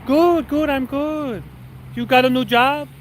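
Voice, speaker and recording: Man putting on a female shop manager, high-pitched, halting, repeats herself, awkward and sulky. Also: fairly even intonation, slight background noise.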